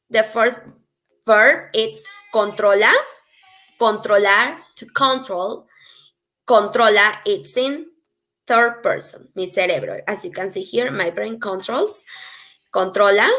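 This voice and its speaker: Woman teacher, slow n patient, bright high-ish voice, soft music behind. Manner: patient, repeats phrases slowly for learners. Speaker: Spanish teacher. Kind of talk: slow explanatory language lesson.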